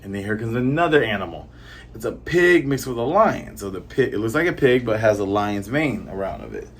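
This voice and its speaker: A man's voice: on the low side, lively intonation, a little fast, a bit bright. A man casually recapping a comic chapter in a rambling, chatty way with many fillers. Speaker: comic reviewer.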